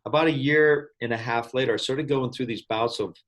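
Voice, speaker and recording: A man hosting a podcast, chatting casually and telling a personal story with lively quoted asides. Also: medium pitch, fairly quick. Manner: tells personal stories with animated quoted asides. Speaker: podcast host. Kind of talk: casual interview chat.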